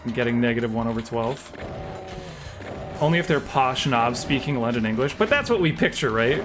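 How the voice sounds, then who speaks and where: A man's voice: mid-range voice, lively intonation, brisk. A man streaming a game live, chatting casually and self-deprecatingly while reacting aloud to the action and answering chat. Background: game music.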